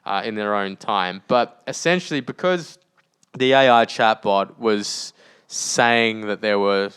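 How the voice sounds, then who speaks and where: A man co-hosting a podcast in casual chat, animated and joking, in a large open room. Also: on the low side, a little slow, clear, resonant tone. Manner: animated, joking, often laughing. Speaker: podcast co-host.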